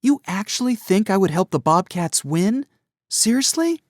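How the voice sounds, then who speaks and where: A man's voice: high voice, lively intonation, moderate pace, dry recording, studio quality, voice pushed up. A man voicing a wry, matter-of-fact teenage girl in an audiobook. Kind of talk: audiobook character voice.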